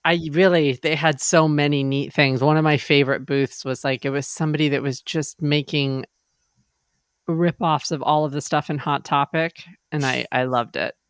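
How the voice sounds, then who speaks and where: Smooth-voiced woman in rambling podcast chat. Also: low-pitched, steady tone, normal speed, no room sound, clean studio sound. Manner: chatty, rambling. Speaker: podcast co-host. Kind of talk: casual chat.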